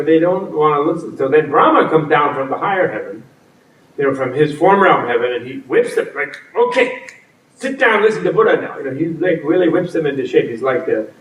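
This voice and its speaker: A man giving a humorous talk as a teacher, with playful storytelling and frequent laughter, at a retreat center hall. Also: fairly high pitch. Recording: roomy, from a distance.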